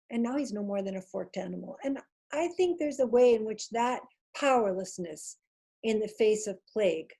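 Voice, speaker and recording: A woman professor explaining a play in an interview over a video call, in a lively manner with frequent restarts. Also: medium pitch, breathy edge, low-quality recording. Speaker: Shakespeare professor.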